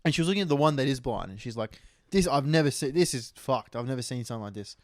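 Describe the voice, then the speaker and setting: A man's voice: mid-range voice, fast, no room sound, studio quality. A young man, co-hosting a casual podcast and telling stories with a lot of energy. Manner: animated storytelling with put-on doctor voice. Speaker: podcast co-host. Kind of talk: casual chat.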